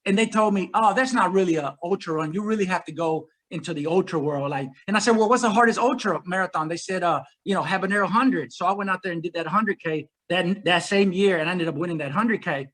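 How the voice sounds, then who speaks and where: A man in his forties, an ultrarunner guest, telling his story in a rambling, energetic way. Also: high-pitched, quick pace, few pauses, rough recording. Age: 40s. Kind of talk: casual interview conversation.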